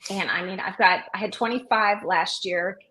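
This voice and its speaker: As a guest in a relaxed interview, this middle-aged opera singer and music teacher tells lively stories, mimicking what kids say in their voices. She speaks at a normal speed with a medium-pitched voice. The audio quality is poor.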